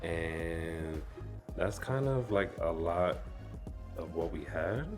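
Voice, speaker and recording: A man's voice: low-pitched, slow pace. A man talking as a podcast guest in a casual, laid-back way and laughing easily. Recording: music playing clearly behind the voice.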